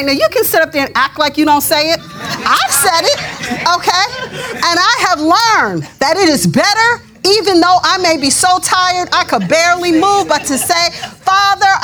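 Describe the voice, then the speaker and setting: A middle-aged woman delivers a sermon in a chatty, conversational manner. Her voice sits high and moves animatedly up and down. She drops into quoted asides as she preaches. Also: a bit bright.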